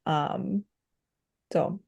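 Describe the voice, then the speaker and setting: A woman's voice: fairly low pitch, extremely slow, creaky, a little mellow, breathy edge. A woman hosting a casual podcast conversation, easygoing, with many fillers and sentences that trail off. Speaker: podcast host.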